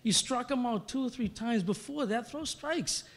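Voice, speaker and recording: A man voicing his middle-aged mother as a blunt, sharp-tongued sports mom. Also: moderate pace. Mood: scolding. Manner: scolding, blunt, high-pitched. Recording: long reverb of a large hall.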